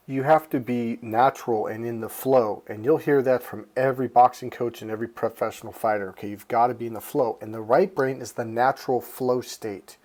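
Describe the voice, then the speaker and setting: A middle-aged man from Northern California giving a casual motivational monologue. He swears freely and is animated. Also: medium pitch. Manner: animated, swears freely, acts out other people's lines. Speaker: self-help vlogger.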